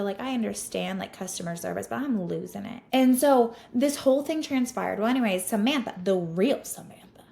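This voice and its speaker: Speaking at a medium pitch with a creaky edge, this female podcast host tells an animated, exasperated tale about one of her clients. Her tone stays casual, and "like" crops up constantly.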